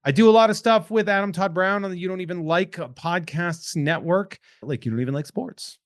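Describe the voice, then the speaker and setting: A man's voice: high-pitched, fairly quick, no echo, studio quality. A man hosting a podcast, chatting casually in a rambling, joking, self-deprecating way. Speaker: podcast host. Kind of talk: casual chat.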